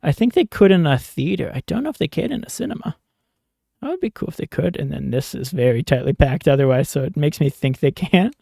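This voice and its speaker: Gravelly, mellow-voiced man musing over gameplay. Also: a little high, fairly quick, no echo, studio quality. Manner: relaxed, musing, frequent ums and small laughs. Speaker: gaming YouTuber. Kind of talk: casual let's-play commentary.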